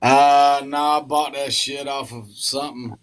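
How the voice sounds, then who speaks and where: A man's voice: mid-range voice, steady tone, a little slow. A man hosting an online music show, joking around in laid-back slangy chat. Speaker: host of a music competition show. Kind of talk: casual chat.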